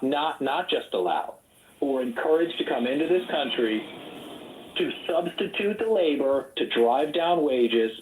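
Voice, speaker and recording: A man running for office, arguing loudly and combatively in a heated voice-chat debate. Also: mid-range voice, echoey room, poor audio. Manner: loud, ranting, combative. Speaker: political candidate.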